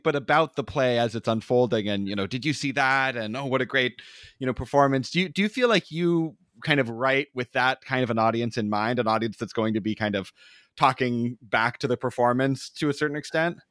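A man's voice: medium pitch, fairly bright tone, no room sound, studio quality. Man asking long, thoughtful questions. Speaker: interviewer. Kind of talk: conversational interview.

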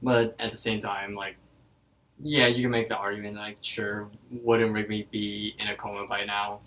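A man's voice: on the low side, little pitch movement, normal speed, sharp tone, far from the mic, poor audio. A man co-hosting a podcast, chatting through a story and leaning on "like" as filler. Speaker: podcast co-host. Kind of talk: casual episode recap.

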